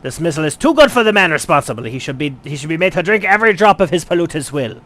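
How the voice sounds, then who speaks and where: A shrill pompous wine baron. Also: male voice, very animated, quick pace. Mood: haughty outrage. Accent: put-on accent. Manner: haughty, shouting, contemptuous. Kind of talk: let's play voice acting.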